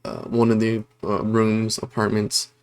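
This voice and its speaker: A man's voice: on the low side, level tone, measured pace, vocal fry, no echo. A man casually recapping a horror movie plot for his review channel, rambling with lots of fillers and self-corrections. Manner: self-correcting, apologetic about disorganization. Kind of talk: casual spoken film review.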